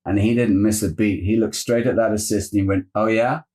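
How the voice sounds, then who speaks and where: Animated actor telling stories. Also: male voice, fairly low pitch, fast talker. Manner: animated anecdotes with impressions. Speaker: guest actor. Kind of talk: casual interview storytelling.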